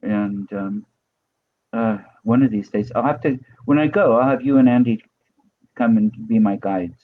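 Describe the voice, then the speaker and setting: A male host interviewing a guest over a video call, speaking in a relaxed, curious, musing way. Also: fairly low pitch, normal speed. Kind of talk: interview conversation. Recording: tinny phone-like call audio.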